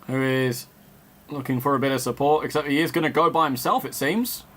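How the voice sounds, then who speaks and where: A man's voice: mid-range voice, brisk, fairly bright tone. A man doing playful mock football commentary over a video game, joking, laughing often and chatting with viewers. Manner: jokey, laughs often, breaks off to chat with viewers.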